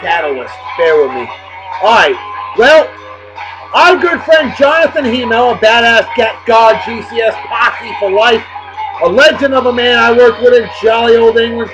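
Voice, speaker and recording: Boisterous high-voiced man hosting shout-outs. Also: moderate pace. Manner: boisterous and jokey, swinging between loud bursts and low asides. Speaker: host of a daily beer and music video show. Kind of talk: casual rambling shout-outs to viewers. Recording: dull lo-fi video with music underneath.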